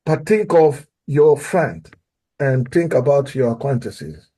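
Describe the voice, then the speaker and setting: A man's voice: fairly high pitch, lively intonation, normal speed, warm tone, breathy edge. A man from Africa with an accent, earnestly coaching on sales follow-up and repeating key phrases for emphasis. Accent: non-native English. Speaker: guest.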